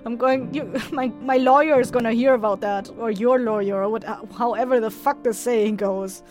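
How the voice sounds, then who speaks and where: A woman's voice: a little high, moderate pace, a little mellow, faint music behind. A woman recording outtakes for an audio musical, laughing and mocking her own singing between takes. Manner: laughing, self-mocking, swearing at her mistakes. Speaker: voice actor recording songs. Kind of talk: studio outtakes, casual banter.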